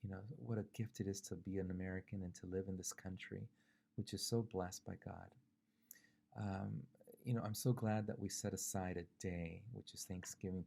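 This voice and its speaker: A man's voice: low-pitched, vocal fry, warm tone, slight background noise. A male pastor from California giving a short devotional sermon, conversational and thinking aloud with fillers and rhetorical questions.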